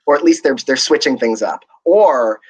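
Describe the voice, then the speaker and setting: A man's voice: medium pitch, expressive, normal speed, husky, low-quality recording. A man discussing awards results in a casual panel chat, rambling with many restarts and chuckles. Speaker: awards pundit.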